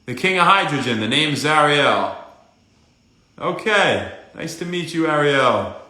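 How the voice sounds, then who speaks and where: A man's voice: a little high, lively intonation, pushed and bright. Upbeat man. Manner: upbeat, greets viewers by name, talks fast. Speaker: wellness livestream host. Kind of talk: casual livestream chat. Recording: echoey room.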